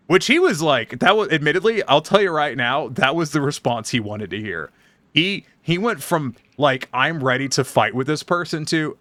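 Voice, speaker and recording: Bright-voiced man ranting while streaming. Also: medium pitch, animated, moderate pace, dry recording. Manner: profane, exasperated storytelling. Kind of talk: casual ranting chat.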